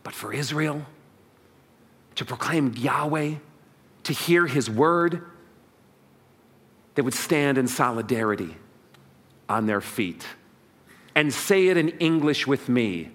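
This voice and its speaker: A man's voice: medium pitch, expressive, slow pace, long pauses, a bit bright. A man preaching a sermon as pastor, leading the congregation in call and response. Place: church sanctuary.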